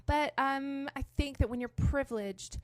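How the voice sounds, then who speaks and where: A woman in her thirties from Canada, a comedian guest on a radio show, talking in a dry, deadpan way. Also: sits high, a little slow. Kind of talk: casual interview.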